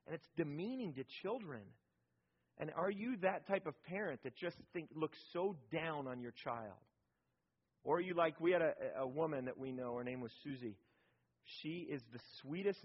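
A man's voice: mid-range voice, slightly rough. A man preaching a sermon in a conversational, storytelling way, often checking in with his listeners by asking "right?". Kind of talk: sermon on parenting. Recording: dull lo-fi recording.

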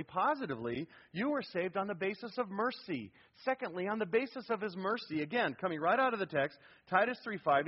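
A man's voice: sits high, slightly rough, muffled recording. A male pastor preaching a sermon to a congregation in a church, emphatic and prompting them to fill in words.

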